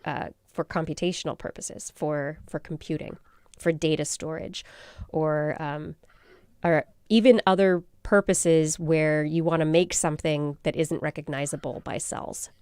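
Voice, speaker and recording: A woman talks through a science story in a relaxed, playful way, dropping in little voiced asides. Her voice sits a touch low and comes across smooth and clear. The sound is close and dry, with no room around it. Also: unhurried, no echo. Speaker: science podcast co-host. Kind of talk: casual science explanation.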